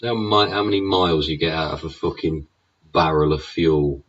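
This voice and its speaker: A man's voice: very deep voice, steady tone, moderate pace, a bit bright, distant mic. An English man in a sweary, sneering political rant, throwing in "yeah?" and "innit?" as he goes. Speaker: vlogger. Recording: dull sound, away from the mic.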